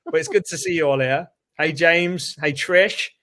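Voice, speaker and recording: A British man with a somewhat high voice co-hosts a live online training session from his home. He talks in a casual, chatty, upbeat way, reading out names of people joining. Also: normal speed, sharp tone. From United Kingdom. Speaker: co-host of a live training webinar. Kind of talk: casual live-stream chat. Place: home room with doors open.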